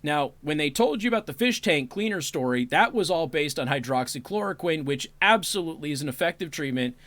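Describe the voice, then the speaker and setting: A man's voice: a little high, animated, a little fast, a bit bright, no echo. A man hosting a talk show, chatting casually with listeners and turning sarcastic on political topics. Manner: sarcastic, apologetic asides, breaks into laughter. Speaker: radio talk show host. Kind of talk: casual livestream commentary.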